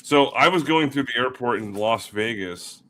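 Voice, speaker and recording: Bright-voiced crude storytelling man. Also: medium pitch, expressive, normal speed. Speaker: panelist. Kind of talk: casual chat.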